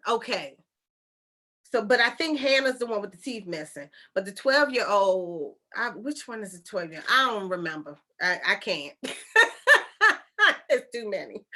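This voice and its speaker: A woman's voice: on the high side, fairly bright tone. A woman retelling a story in a casual monologue, chatty and incredulous, with rhetorical questions and informal speech. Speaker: channeler and storyteller.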